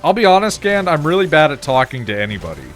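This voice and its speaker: A man's voice: a little high, sing-song, quick pace, soft background music. A man casually commenting on a game he is playing while chatting with his viewers, loose and profane. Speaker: streamer.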